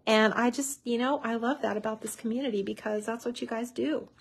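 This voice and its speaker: A woman's voice: fairly high pitch, steady tone, brisk, creaky, slightly rough. A woman hosting a live crafting tutorial, chatty and bubbly, with many fillers.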